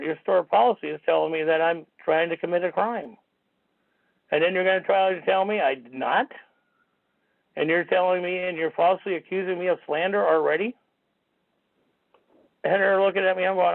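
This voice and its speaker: Indignant gravelly man on a tinny phone line. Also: high-pitched, fairly even intonation, fairly quick. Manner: rambling, indignant, swears casually. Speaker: radio talk show host. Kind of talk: call-in radio monologue.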